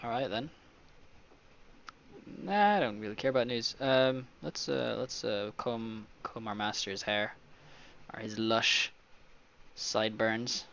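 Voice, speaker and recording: A man hosting a casual let's play, reading the story text aloud and breaking off into joking, excitable asides. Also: medium pitch, takes it slowly, creaky, long pauses, lo-fi sound, a little hiss or hum.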